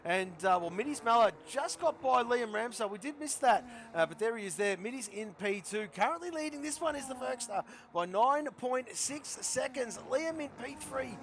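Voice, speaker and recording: A man commentating a sim racing league, chatty and repeating himself, his voice hoarse and giving out. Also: very high voice, lively intonation, normal speed, a bit bright, slight background noise. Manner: chatty, repeats phrases, calls drivers by nicknames. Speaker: race commentator.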